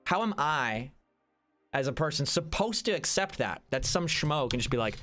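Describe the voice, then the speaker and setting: Guy on a chill stream talking at chat, kinda high voice, rambles and restarts a lot, faint music under it. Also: big pitch swings, normal speed, fairly bright tone. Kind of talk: casual livestream chat.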